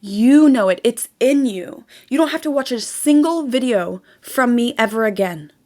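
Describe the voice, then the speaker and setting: A young woman in casual, emphatic motivational talk, repeating words and dropping to a soft whisper while guiding a ritual. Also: fairly high pitch, normal speed. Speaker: spiritual vlogger.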